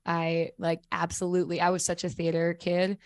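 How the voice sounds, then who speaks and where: A woman's voice: lowish voice, monotone, moderate pace, no echo. A woman singer chatting as a guest in a radio studio, laughing often and talking with many fillers. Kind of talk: casual radio interview.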